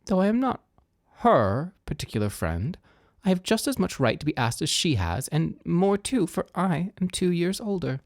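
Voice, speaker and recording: A man's voice: high voice, sing-song, normal speed, no room sound, clean studio sound, voice pushed up. A man doing a whiny, jealous young sister. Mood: peevish. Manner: whiny, complaining.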